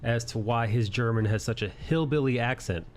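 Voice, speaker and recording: A man's voice: mid-range voice, moderate pace, a little hiss or hum. A man hosting a casual livestream chat, rambling, swearing freely and laughing often. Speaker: livestream host. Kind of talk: casual chat while drawing.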